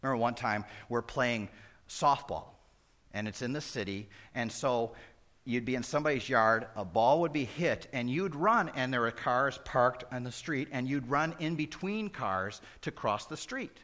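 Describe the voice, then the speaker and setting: Lively, bright-voiced male pastor preaching. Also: medium pitch, normal speed. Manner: animated, swings from loud exclamations to hushed asides. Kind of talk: sermon.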